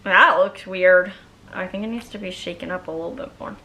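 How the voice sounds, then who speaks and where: A woman's voice: on the low side, a little fast, bright, forceful tone, a little hiss or hum. A young woman vlogging at home, chatting casually and bubbly, saying "like" a lot while she does her nails. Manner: chatty, bubbly, heavy use of "like".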